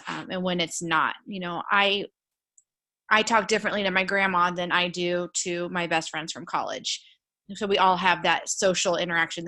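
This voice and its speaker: Bright-voiced woman giving a casual lecture. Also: mid-range voice. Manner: casual, chatty asides with frequent fillers. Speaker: college instructor. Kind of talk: recorded lecture with shared screen.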